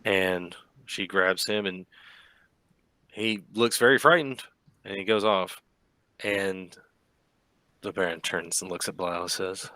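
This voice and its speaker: Slow, bright-voiced male game master. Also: deep voice, dry recording. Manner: slow, measured storytelling with voiced lines. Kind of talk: narrating a tabletop game.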